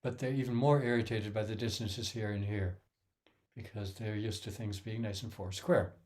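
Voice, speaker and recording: A man's voice: lowish voice, fairly even intonation, moderate pace, darkish tone. A man giving a casual music lesson, counting beats aloud and humming rhythms to explain metre. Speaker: music teacher.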